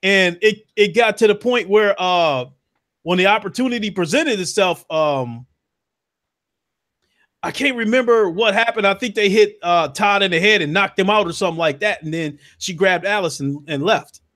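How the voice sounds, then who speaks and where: A man, calmly recounting his playthrough in a casual chat. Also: sits high, normal speed. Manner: relaxed, laughs along, recounts gameplay.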